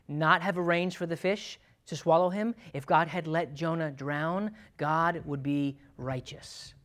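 A man's voice: a little high, fairly bright tone. Emphatic conversational male pastor. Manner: emphatic, conversational preaching with frequent "okay?" and "um". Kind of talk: sermon.

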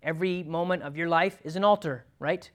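A man's voice: on the high side, a little fast. A man preaching a sermon in an emphatic, conversational way, often checking in with "okay?" and "right?". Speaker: pastor.

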